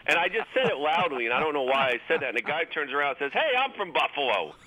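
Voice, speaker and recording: A man telling a funny story on a radio show, animated and joking. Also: a little high, very fast, no echo, rough recording.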